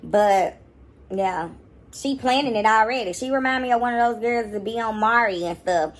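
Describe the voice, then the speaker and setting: A young woman, giving sassy, animated reaction commentary. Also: a little high, moderate pace, a little hiss or hum. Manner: sassy, animated, mocking voices at times. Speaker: commentary YouTuber.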